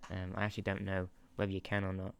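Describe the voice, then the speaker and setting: A gaming channel host talks over a football management game in a low, monotone voice, moving quickly with some vocal fry and a clean tone. His commentary is casual and chatty, and he gets distracted easily, laughing and swearing into a sensitive desk microphone.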